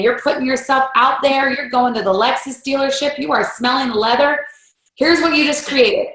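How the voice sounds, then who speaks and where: Animated woman giving a motivational talk. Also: high-pitched, moderate pace. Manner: animated, acts out voices in quotes. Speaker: team leader giving a training talk. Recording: roomy echo.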